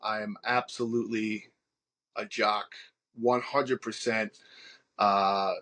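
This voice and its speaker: Man with Long Island accent, low voice, forties, earnest storytelling pastor, podcast interview. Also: little pitch movement, slow, bright, forceful tone. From Long Island, New York. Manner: earnest, storytelling with many restarts and fillers. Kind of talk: podcast interview, personal testimony.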